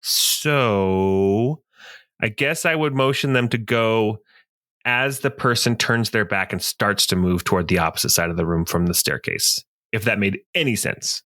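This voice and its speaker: Man, tabletop player, low pitch, bright tone, thoughtful, planning aloud. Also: unhurried. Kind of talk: casual tabletop play.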